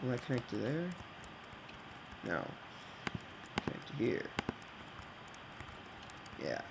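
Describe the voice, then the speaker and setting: A man thinking out loud while building in a block game, rambling and hesitant, with many fillers and restarts. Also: medium pitch, sing-song, slow pace, creaky, heavy background noise. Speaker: game video creator. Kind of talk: casual think-aloud game commentary.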